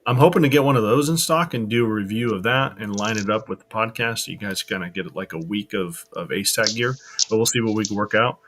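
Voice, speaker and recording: A man's voice: lowish voice, fast, fairly bright tone. A man co-hosting a live stream, talking casually and rambling with many fillers and restarts. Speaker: co-host of a live gear show.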